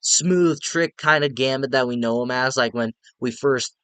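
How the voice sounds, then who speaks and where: A man's voice: mid-range voice, normal speed, a bit bright, clean tone, dry recording. Young guy ranting about a movie, swears a lot, says like constantly, dead dry recording. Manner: profane, exasperated, rambling with lots of "like". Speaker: movie reviewer. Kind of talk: casual movie review rant.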